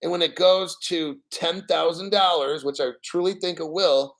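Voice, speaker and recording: A man's voice: on the high side, fairly even intonation, normal speed, a bit bright. A man hosting a crypto channel in casual livestream chat, blunt, profane and rambling.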